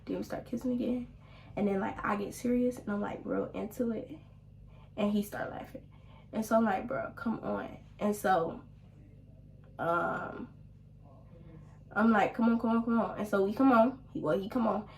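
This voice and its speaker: Chatty young woman, hushed asides. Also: medium pitch, normal speed, creaky, pauses often, slight background noise. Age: young adult. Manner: chatty, often drops to a hushed whisper. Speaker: vlogger. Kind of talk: casual storytelling while doing makeup. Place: at home, doing makeup at a small mirror.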